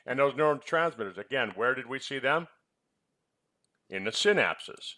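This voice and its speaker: Expressive and moderately paced, a man with a medium, bright, forceful voice chats loosely about supplements. He used to run a clinic, now presents health products, and playfully quizzes his co-host.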